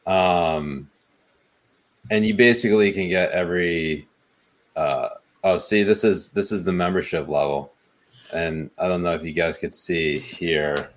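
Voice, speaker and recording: Deep-voiced laid-back podcast co-host man. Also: unhurried. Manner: laid-back, chatty, lots of ums. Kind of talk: casual chat.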